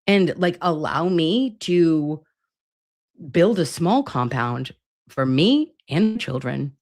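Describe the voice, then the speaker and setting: A woman in her forties from Massachusetts chats casually on her livestream. Her voice is low, and she swears freely and leans on "like" as a filler. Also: animated, slow pace, a little mellow, dry recording, clean studio sound. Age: 40s. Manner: chatty, profane, many "like" fillers. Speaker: livestream host.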